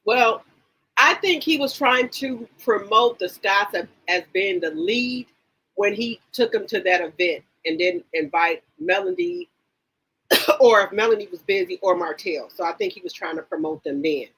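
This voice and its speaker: A woman chats on a casual livestream, reading viewer comments and reacting to each one. Her voice is bright and a little husky. She exclaims often and repeats her reactions over and over. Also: mid-range voice, normal speed, low-quality recording. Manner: animated, exclaims and repeats herself, reads chat comments aloud. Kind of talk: casual reality-TV gossip chat.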